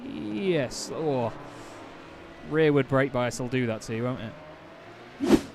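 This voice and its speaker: A man's voice: medium pitch, slow, gravelly, very noisy. Chatty man calling a sim race. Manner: chatty, self-correcting, excitable at incidents. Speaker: race commentator. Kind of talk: play-by-play sim racing commentary.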